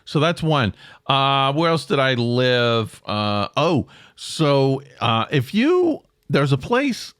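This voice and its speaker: A middle-aged man hosting a casual solo podcast, rambling and self-deprecating, jumping up in pitch for emphasis. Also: very animated, slow, a bit bright, no echo, clean studio sound. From American South. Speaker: podcast host.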